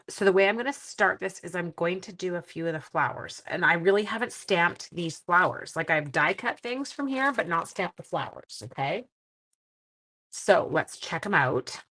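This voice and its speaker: A woman's voice: medium pitch, a bit bright. A woman hosting a casual live-stream card-making demo, chatty and self-deprecating, thinking aloud as she works and talking to her viewers. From Canada.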